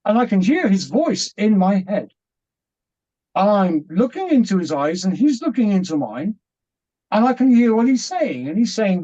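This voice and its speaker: A British man telling his story as an interview guest, animated and laughing as he acts out what was said. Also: high-pitched, normal speed, muffled recording.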